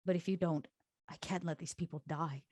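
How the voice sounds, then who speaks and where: A woman voicing a busy, determined woman leader in a tabletop game, speaking quietly and earnestly. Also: lowish voice, fairly even intonation, a little fast, no room sound, clean studio sound, natural voice. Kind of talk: tabletop game role-play.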